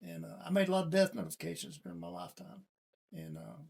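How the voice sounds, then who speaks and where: A middle-aged man speaks as an interview guest, recounting events in a casual, folksy manner. His voice sits high for a man and is heavily gravelly. It also carries a husky edge. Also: very animated, quick pace, a little mellow. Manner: folksy, plain-spoken storyteller.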